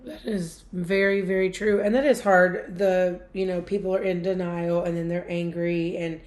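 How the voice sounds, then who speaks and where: A woman co-hosting a podcast, gently and reassuringly guiding a conversation about grief. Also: on the low side, fairly even intonation, normal speed. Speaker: podcast co-host interviewer. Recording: echoey room.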